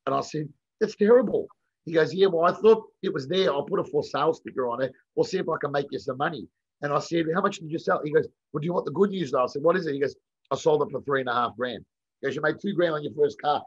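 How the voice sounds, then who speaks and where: An Australian man, a podcast guest, chatting casually and telling lively stories, acting out dialogue and swearing now and then. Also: a little high, racing, slightly rough. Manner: animated storyteller, acts out quoted dialogue, swears casually. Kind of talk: casual storytelling chat. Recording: dull lo-fi sound.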